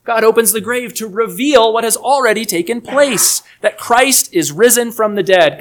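A man preaching an expository sermon in an earnest, emphatic way, his delivery moving between soft and raised passages. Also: high-pitched.

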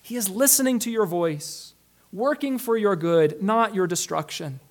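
A male pastor preaching a sermon in an earnest, emphatic way, swinging between loud stresses and quiet, low drops and slowing down on key phrases.

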